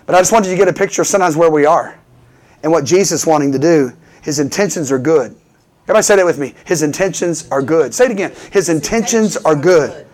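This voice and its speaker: Fervent preacher man, fairly high voice. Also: quick pace. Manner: animated, fervent, repeatedly asks for "Amen". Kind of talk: sermon with call-and-response.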